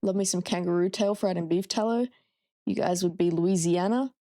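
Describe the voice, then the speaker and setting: A woman's voice: lowish voice, moderate pace, warm tone, dry recording, studio quality. A young Australian woman casually chatting with her chat while she plays a horror game, swearing freely. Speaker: streamer. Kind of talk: casual gameplay commentary.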